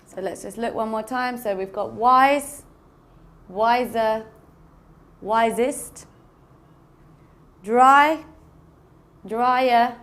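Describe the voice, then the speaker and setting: A woman's voice: fairly high pitch, a bit bright. A woman teaching English grammar, explaining patiently, repeating words and spelling out endings letter by letter. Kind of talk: slow classroom explanation.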